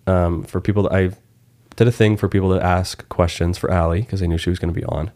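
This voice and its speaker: A young man hosting a podcast, chatting casually and telling crude, animated stories about home life. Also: low-pitched, fast talker. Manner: joking, crude, animated storyteller. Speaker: podcast host. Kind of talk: casual chat.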